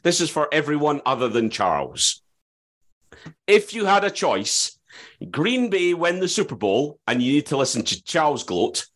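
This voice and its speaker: Male podcast host, average pitch, animated delivery, reads out listener questions. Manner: lively, laughs often, reads questions out. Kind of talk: casual podcast chat.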